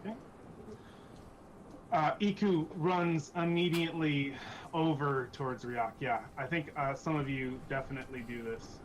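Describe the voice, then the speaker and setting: A man's voice: fairly high pitch, fairly even intonation, a little hiss or hum, low-quality recording. Stammering man running a tabletop game. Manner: halting, repeats words, laughs easily. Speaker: game master.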